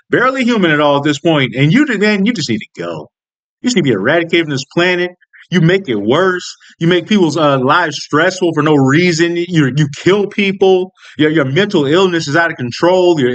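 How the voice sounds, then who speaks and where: Man ranting with a high, lively voice. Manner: profane, heated, ranting with repeated restarts. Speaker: political commentary vlogger. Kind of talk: angry political rant.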